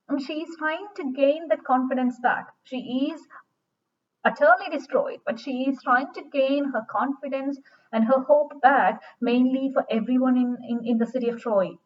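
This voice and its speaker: In a recorded literature lecture, a woman with a slightly high voice reads verse aloud slowly and dramatically, then explains it with a lot of repetition. The recording sounds dull and distant.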